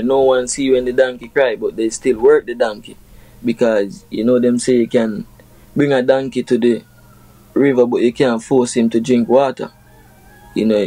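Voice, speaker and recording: A man's voice: medium pitch, dark tone, dry recording, poor audio. A young Jamaican man, a reggae artist, chatting casually in an interview and explaining his lyrics through proverbs with many "you know"s.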